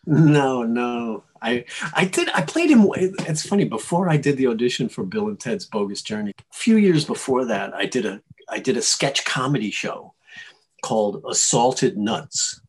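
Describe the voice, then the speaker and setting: A male actor telling stories in a casual interview, animated and chuckling, often restarting his sentences. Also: medium pitch, normal speed, slightly rough. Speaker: actor guest.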